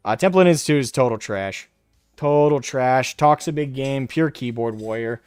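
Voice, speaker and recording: A man's voice: mid-range voice, darkish tone, smooth, dry recording, clean studio sound. A man hosting a live stream, talking in a brash, mocking way and taunting people in a raised voice. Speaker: livestream host. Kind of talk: casual livestream commentary.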